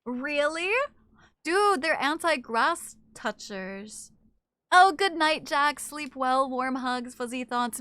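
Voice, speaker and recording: Bright-voiced high woman streamer. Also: slow, dry recording. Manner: chatty, coos softly to her cat. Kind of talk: casual live-stream chat, reading chat.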